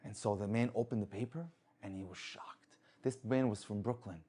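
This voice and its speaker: A man telling an inspirational religious story with lively delivery, acting out the people in it. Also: fairly low pitch, normal speed, breathy edge. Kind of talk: inspirational story told to an audience.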